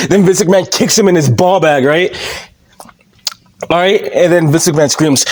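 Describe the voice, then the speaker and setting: A man's voice: high voice, normal speed. A young man ranting casually about wrestling in a profane, heated, mocking way. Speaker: vlogger. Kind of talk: casual rant.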